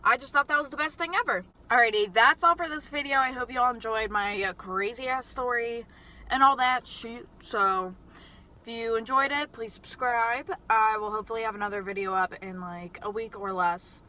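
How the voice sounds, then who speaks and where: Young woman vlogging, super bright sharp voice, swears a lot, chatty and lively. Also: on the high side, normal speed. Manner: profane, chatty and animated. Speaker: mukbang vlogger. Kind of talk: casual storytelling to camera.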